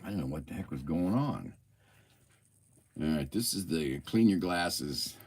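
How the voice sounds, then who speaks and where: A man's voice: extremely low pitch, lively intonation, a little slow, noisy background. A man in his seventies from Ohio, hosting a casual livestream and talking through items in a rambling, easily sidetracked way. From Ohio, USA. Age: 70s. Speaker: livestream host. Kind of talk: casual livestream show-and-tell. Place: indoor workshop.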